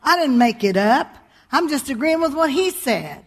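High-voiced woman pastor preaching emphatically. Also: very animated, moderate pace, in a large hall. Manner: exclaims hallelujah often, emphatic and humorous. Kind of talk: sermon.

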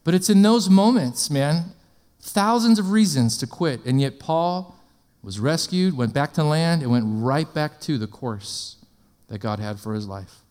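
A man preaching a sermon in an energetic, conversational way, often asking the congregation questions and slipping in jokes. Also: fairly high pitch, unhurried.

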